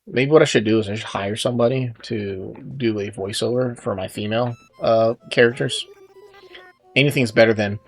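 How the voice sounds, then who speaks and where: A man's voice: on the low side, normal speed, breathy edge, soft background music. A man casually chatting while he plays a video game, rambling and self-deprecating, with many fillers and restarts. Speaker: gaming video host. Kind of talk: casual gameplay commentary.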